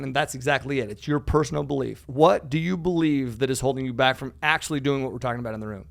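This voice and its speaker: A man's voice: medium pitch, fast, vocal fry, hardly any pauses. A man talking casually on a podcast, acting out conversations, saying "dude" often and swearing freely. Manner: animated storyteller, says "dude" often, acts out dialogue. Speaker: podcast guest, real estate educator.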